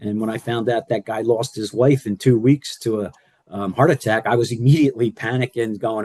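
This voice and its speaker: A man's voice: fairly low pitch, fairly even intonation, a little fast, a little mellow, no echo. An older man speaking on a panel as a former care partner, rambling with many fillers and restarts. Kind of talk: panel discussion.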